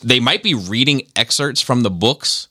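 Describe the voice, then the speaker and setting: A man's voice: medium pitch, expressive, normal speed, bright, forceful tone, dry recording. A man co-hosting a casual podcast, rambling with many fillers and restarts. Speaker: podcast co-host.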